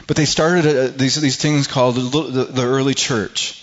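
A middle-aged pastor delivers a sermon at a mid-range pitch, stumbling and repeating words before pushing into emphatic, rising runs. The recording sounds a little dull and muffled. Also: male voice, fairly even intonation. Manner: halting, repeats words while building to emphatic peaks.

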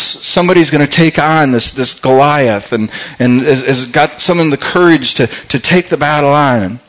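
A man's voice: medium pitch, a bit bright, rough recording. A man preaching a sermon, retelling a scripture story and acting out what its characters might say, often repeating words as he thinks aloud. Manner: acts out the characters' thoughts in dialogue.

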